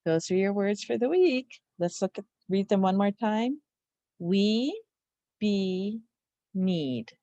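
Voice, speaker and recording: A woman teaching a spelling lesson to young children, slowly sounding out each syllable with patience. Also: mid-range voice, animated, dark tone, no echo, lo-fi sound.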